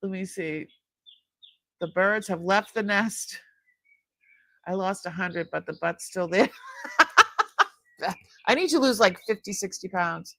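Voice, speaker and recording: A woman's voice: medium pitch, takes it slowly, long pauses, a bit bright, dry recording. A middle-aged woman hosting a live jewelry sale, chatting casually with her viewers, often laughing and trailing off mid-sentence. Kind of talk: casual live-stream chat.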